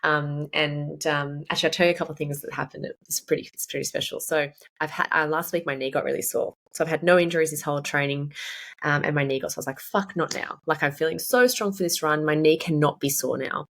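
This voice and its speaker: A woman's voice: sits low, fairly even intonation, quick pace, gravelly. A woman in her thirties, a fitness coach and podcast guest, candidly and emphatically telling a personal story, swearing freely. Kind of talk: casual chat, personal storytelling.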